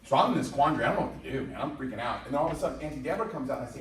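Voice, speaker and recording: A man's voice: mid-range voice, lively intonation, rapid-fire, few pauses, slight background noise. A man from Indiana giving a joking sales presentation to a live audience, often asking the room questions. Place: company office meeting room. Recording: echoey room, from a distance.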